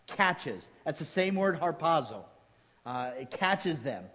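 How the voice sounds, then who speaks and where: Male preacher, high-pitched, lively teaching delivery with rhetorical questions, church hall echo. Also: measured pace. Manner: lively teaching tone, quizzes the listeners with rhetorical questions, jokes in between. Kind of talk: sermon. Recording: long hall reverb.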